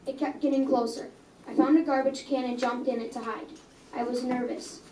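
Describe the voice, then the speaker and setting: A young girl reads her own story aloud in earnest, now and then stumbling and correcting herself. Her voice sits high and mellow. She is picked up from some distance in an echoey room with faint background ambience. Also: fairly even intonation, normal speed, slight background noise. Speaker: reader. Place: coffee house.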